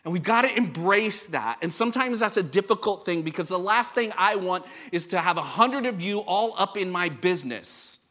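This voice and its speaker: A man preaching a sermon to his congregation, lively and acting out the voices he quotes. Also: high-pitched, normal speed, few pauses. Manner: animated, acts out quoted voices. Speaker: pastor. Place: church service before a congregation.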